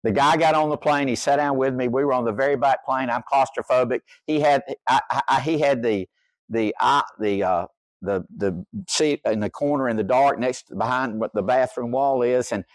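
A man's voice: medium pitch, normal speed, dry recording. An older man preaching a sermon, telling a humorous story in a folksy way. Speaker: pastor.

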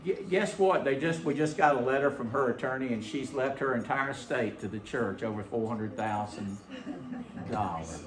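A man's voice: mid-range voice, normal speed, noisy background. Folksy preacher man, echoey sanctuary. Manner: storytelling, animated, folksy. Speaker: pastor. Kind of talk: sermon. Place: church sanctuary.

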